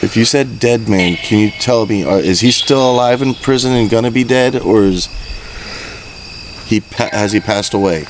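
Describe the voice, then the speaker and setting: A man's voice: fairly low pitch, normal speed. A man paranormal investigator earnestly asking a spirit questions at a graveside. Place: outdoors at a cemetery at night. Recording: noisy outdoor recording with crickets.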